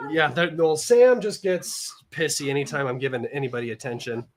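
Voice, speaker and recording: A man's voice: mid-range voice, animated, a little fast, hardly any pauses, a little hiss or hum. Chatty young American man, slightly nasal. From United States. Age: young adult. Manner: rambling, chatty, many fillers and restarts. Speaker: livestream host. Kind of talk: casual livestream chat. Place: his room at home.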